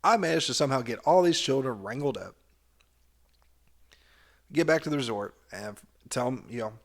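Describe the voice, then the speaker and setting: A man, a cheer coach, casually retelling a past season in a candid, animated way with some swearing. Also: medium pitch, normal speed. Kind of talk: casual memoir storytelling.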